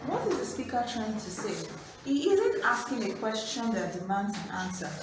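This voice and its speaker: A woman teaches a literature class at a slow, careful pace, repeating key points and asking the class questions. Her voice sits a little high. She is recorded from some way off in a very echoey room, with clear steady noise behind her. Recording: distant mic in an echoey room with background noise.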